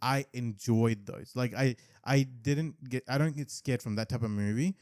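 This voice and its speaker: A man co-hosting a podcast in casual chat, relaxed and rambling, with lots of "like" and restarts. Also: medium pitch, moderate pace, no room sound, studio quality. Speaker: podcast co-host.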